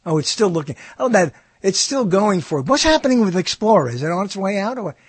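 A male radio host talks in a husky, slightly raised voice. He rambles and mutters, trailing off mid-sentence. The sound is dry and close. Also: sits high, big pitch swings, quick pace, dry recording. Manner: mutters and trails off while searching. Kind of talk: rambling talk while browsing old recordings.

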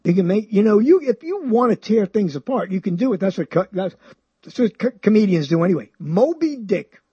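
A man hosting a show, talking about books in a rambling, animated way, often chuckling and swinging his pitch high and low. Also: brisk, breathy edge, no room sound, lo-fi sound. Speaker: show host. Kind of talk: rambling radio-style talk about books.

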